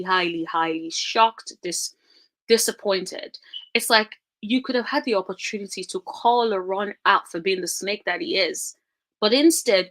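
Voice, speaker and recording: A young woman chats casually to her viewers, rambling between thoughts. She breaks into animated, dramatic exclamations as she gives her commentary, and her voice sits at an ordinary middle pitch. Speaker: reality TV commentary vlogger.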